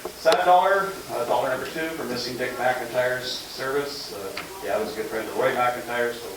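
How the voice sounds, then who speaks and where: A man's voice: medium pitch, normal speed, noisy background. A man at a club meeting telling personal news in a chatty, anecdotal way. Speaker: club member. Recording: echoey hall from far off, crowd.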